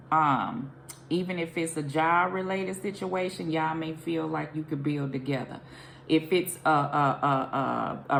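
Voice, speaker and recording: A woman with a deep, creaky voice gives a casual tarot reading, rambling and relying on intuition as she thinks aloud. She keeps questioning herself along the way, and there's a little hiss or hum.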